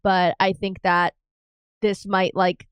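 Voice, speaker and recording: Chatty woman with a smooth, dry voice. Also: medium pitch, level tone, slow pace, dry recording. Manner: chatty, many fillers like "like" and "um". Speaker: podcast co-host. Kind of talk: casual anime reaction chat.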